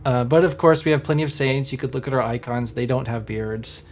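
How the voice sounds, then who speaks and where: A man's voice: medium pitch, fairly quick, slight background noise. An Orthodox Christian man on a livestream panel, speaking earnestly and encouragingly, with lots of fillers. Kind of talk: casual livestream discussion.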